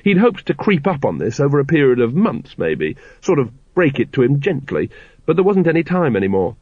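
A man reads a comic fantasy audiobook with wry, measured delivery. The sound is dry and close, slightly dull like a lo-fi recording. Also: medium pitch, big pitch swings, husky, no echo. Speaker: narrator. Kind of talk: audiobook narration.

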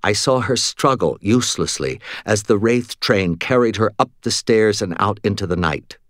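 A man narrating a fantasy novel in the first person, with steady, even storytelling. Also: fairly low pitch, moderate pace, no echo, clean studio sound. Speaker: audiobook narrator.

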